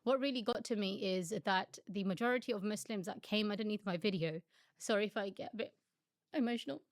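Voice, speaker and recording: Brief: woman of middle pitch, fast-talking, dry close sound, emotional, acts out what others said. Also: no echo. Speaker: video creator. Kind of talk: emotional personal account.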